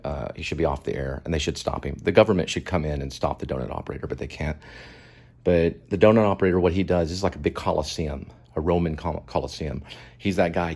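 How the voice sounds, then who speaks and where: A man's voice: low voice, fast talker, darkish tone, breathy edge. A man hosting his own show, giving emphatic, moralizing commentary on a video and repeating his points. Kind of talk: impassioned commentary.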